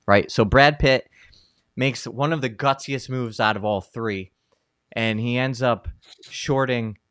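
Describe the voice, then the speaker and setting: A man co-hosting a casual talk show, telling stories in an animated way with many fillers and restarts. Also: on the low side, clean tone, no echo, clean studio sound. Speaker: co-host, Catholic psychologist. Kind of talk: casual conversational commentary.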